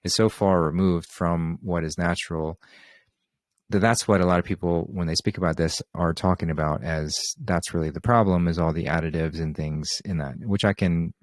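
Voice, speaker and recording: On a group video call, a man with a low voice speaks at a normal pace with fairly even intonation. The studio audio is clean with no room sound as he loosely rambles through an open Q&A on spiritual topics, using many fillers.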